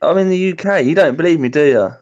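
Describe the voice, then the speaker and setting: A man's voice: a little high, quick pace, darkish tone, muffled recording. A man from Britain with a light British accent, joking playfully with friends on a call. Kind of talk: casual joking chat.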